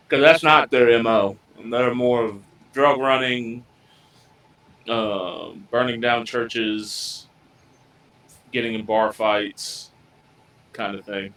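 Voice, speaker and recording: A man at a tabletop game, speaking slowly and unhurried. His voice is bright and forward, and he drawls his way in and out of his character. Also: mid-range voice, low-quality recording. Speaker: tabletop player. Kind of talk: in-character tabletop role-play.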